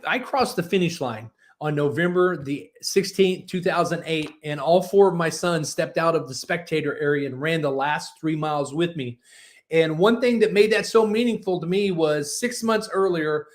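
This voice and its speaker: A man in his forties, a book publisher, teaching a workshop in a folksy, encouraging storytelling manner. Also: on the high side. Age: 40s. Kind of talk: motivational workshop talk.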